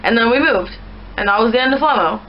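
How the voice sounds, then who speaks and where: Speaking very fast in a fairly high voice, a young woman from Canada vlogs casually, working her rambling, chatty way through viewer questions and saying "like" a lot. The audio sounds dull.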